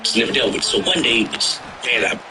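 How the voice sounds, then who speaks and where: A man telling tour stories in a casual chat, animated and slangy, swearing freely and breaking into loud outbursts. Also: mid-range voice, brisk, crowd noise, low-quality recording. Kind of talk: casual storytelling.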